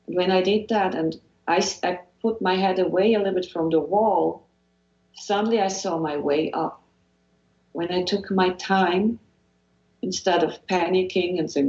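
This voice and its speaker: A hypnotherapist from Switzerland, interviewed as a guest, speaks at normal speed in a fairly low, slightly mellow voice with a Swiss accent. Her motivational talk is earnest and encouraging, though she often repeats phrases and begins sentences again. Recording quality is dull and lo-fi with roomy echo.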